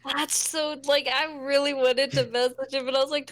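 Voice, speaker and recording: A woman's voice: high-pitched, flat delivery, moderate pace. A woman in casual podcast chat, rambling with lots of fillers.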